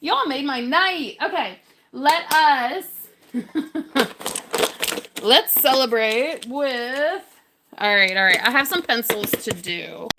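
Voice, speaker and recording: Bubbly high-voiced woman. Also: animated, takes it slowly, long pauses, noisy background. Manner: bubbly, greets and thanks viewers; giggly. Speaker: livestream crafter. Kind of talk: casual livestream chat.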